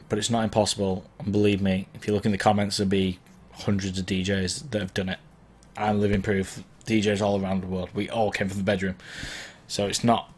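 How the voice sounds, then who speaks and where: A man with a lowish voice hosts a live Q&A stream as a DJ, and there is slight background noise. His throat is sore from hay fever, and his casual, encouraging, chatty talk wanders and self-corrects. His mic sits below the camera.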